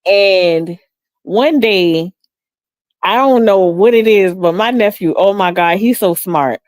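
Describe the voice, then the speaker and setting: A woman's voice: slow pace, no echo, studio quality. A middle-aged woman hosting a livestream, chatting casually, reading comments and telling family stories with frequent laughter. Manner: animated, laughs often, acts out quotes in high voice. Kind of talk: casual storytelling chat.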